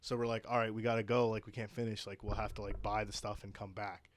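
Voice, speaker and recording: A man's voice: fairly low pitch, little pitch movement, fast talker. A young man telling a story as a podcast guest, rambling, swearing and saying "like" constantly. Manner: rambling, heavy use of "like", swears. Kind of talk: casual storytelling.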